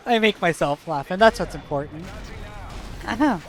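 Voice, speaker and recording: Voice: medium pitch, expressive, normal speed. A streamer chatting casually over gameplay, joking and laughing often with rambling asides.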